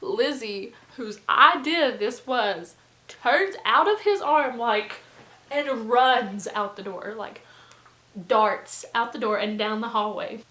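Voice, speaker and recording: Bright-voiced young woman telling a story. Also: a little high, slow pace, roomy sound, rough recording. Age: young adult. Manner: chatty, animated, lots of fillers. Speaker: vlogger. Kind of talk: storytime vlog.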